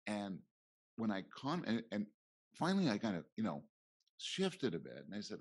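A man's voice: fairly low pitch, huge pitch swings, moderate pace. A middle-aged man, a professor, talking reflectively in a conference interview and acting out little quoted exchanges. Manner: reflective, acts out quoted voices. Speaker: guest professor.

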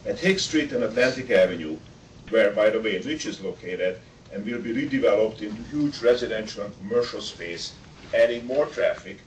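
Man, public commenter, measured detailed delivery, distant mic, faint hum. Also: on the low side, animated. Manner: measured, detailed read-out statement. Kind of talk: public testimony at a board meeting. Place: public meeting room.

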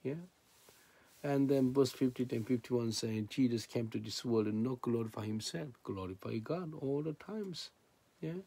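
A man's voice: mid-range voice, measured pace, gravelly, mellow, slightly rough. A man preaching a sermon in non-native English, reading scripture and then explaining it with rhetorical questions.

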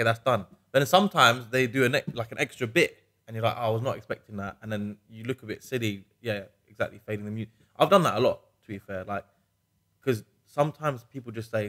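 A man, a wedding DJ co-hosting a podcast, chatting casually and telling animated stories. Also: medium pitch, brisk. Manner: chatty, animated storyteller with laughs. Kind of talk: casual chat.

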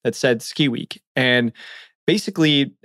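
A man's voice: mid-range voice, a little slow, no echo, clean studio sound. A man in his thirties co-hosting a podcast, chatting casually and rambling through his memories. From Southern California. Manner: relaxed, rambling storyteller. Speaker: podcast co-host. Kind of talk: casual chat.

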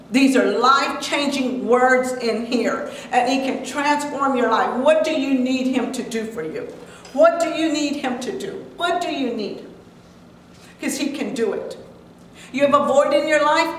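A woman's voice: sits high, a little slow, a little hiss or hum. A woman preaching to a men's Bible class with fervent, repetitive emphasis. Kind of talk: preaching exhortation. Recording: echoey room from far off.

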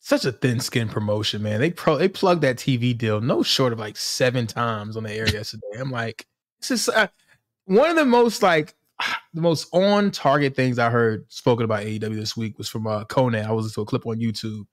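A man co-hosting a casual sports podcast, ranting in an animated, exasperated way. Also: medium pitch, a little fast, dry recording, studio quality. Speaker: podcast co-host.

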